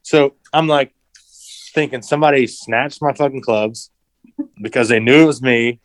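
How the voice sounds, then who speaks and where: A man's voice: medium pitch, normal speed, no room sound, rough recording. A man in a casual interview who tells a story with animation, acts out quotes and swears freely. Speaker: interview guest, racing driver.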